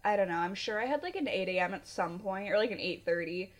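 A woman's voice: medium pitch, animated, fast. A woman in her twenties, from Canada, co-hosting a casual podcast, chatty with many fillers and frequent laughter. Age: 20s. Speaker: podcast co-host.

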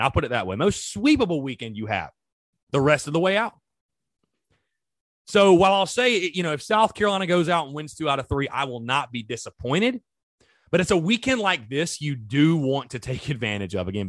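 A man's voice: on the high side, fairly bright tone, no echo. A man hosting a sports podcast, talking casually and animatedly straight to his listeners. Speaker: podcast host. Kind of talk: solo sports podcast talk.

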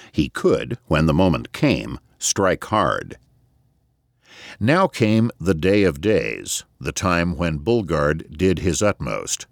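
A man narrating an audiobook in an expressive, measured storytelling manner, recorded on a close studio mic. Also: low voice, no echo.

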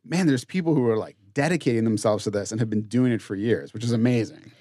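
A man hosting a podcast, chatting in a relaxed way with restarts and fillers. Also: mid-range voice, quick pace. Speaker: podcast host. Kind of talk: casual chat.

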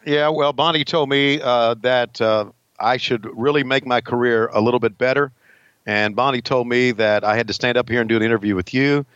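A man's voice: medium pitch, fairly even intonation, normal speed, a bit bright, clear, resonant tone, no echo, lo-fi sound, pitched below the performer's own voice, natural voice. A man putting on the voice of a frustrated veteran wrestler, rambling and swearing in a mock-angry rant. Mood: mock-sincere. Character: frustrated veteran male wrestler ranting backstage.

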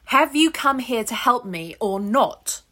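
A woman voicing a tall, angry, desperate British woman with a British accent, shouting and pleading urgently in an audiobook reading. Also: on the high side, animated, measured pace, voice pushed up, full character voice. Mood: frantic pleading.

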